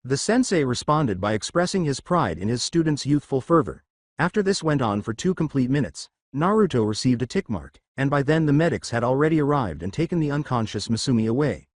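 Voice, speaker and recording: A man narrating a fan fiction story aloud in a steady reading manner. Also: mid-range voice, fairly quick, no echo, studio quality.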